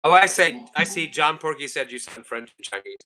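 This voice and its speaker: A man's voice: on the high side, expressive, brisk, pushed and bright. A man hosting a livestream group call, chatting casually and jokingly, often repeating himself. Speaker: livestream host.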